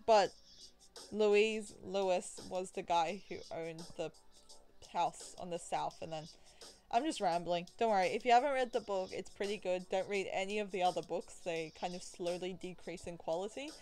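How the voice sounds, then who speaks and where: A woman's voice: on the low side, moderate pace, darkish tone, soft background music. A woman playing through a visual novel, reading the story aloud and breaking off into chatty, rambling asides with giggles. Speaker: let's play gamer.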